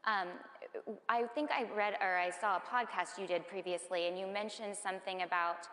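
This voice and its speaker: Woman panel moderator, measured and gentle, recorded with a long hall reverb. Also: mid-range voice, steady tone. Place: large conference hall.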